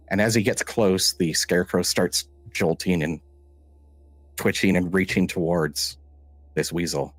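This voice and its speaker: A man with a very low voice narrates a tabletop game as game master. He tells the scene in a measured, halting way, often restarting his sentences. The sound is dry and close. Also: steady tone, dry recording.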